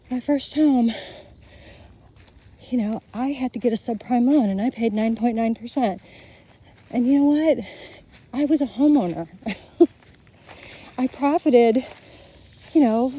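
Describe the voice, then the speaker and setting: A woman's voice: a little high, warm tone, breathy edge. A middle-aged woman in a blunt, profane, ranting casual monologue, filmed on her phone while walking outdoors. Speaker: vlogger. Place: outdoors on a nature walk.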